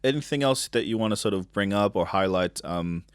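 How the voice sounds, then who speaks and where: Deep-voiced young man hosting a podcast. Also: brisk, clean tone. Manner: relaxed, joking, many fillers and restarts. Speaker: podcast host. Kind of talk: casual chat.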